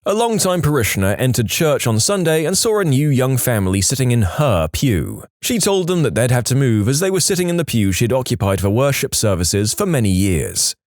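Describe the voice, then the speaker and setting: A man narrating reddit stories, telling them with lively storytelling and a mocking tone. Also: mid-range voice, fairly quick, hardly any pauses, no room sound, clean studio sound. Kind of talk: reading reddit stories aloud.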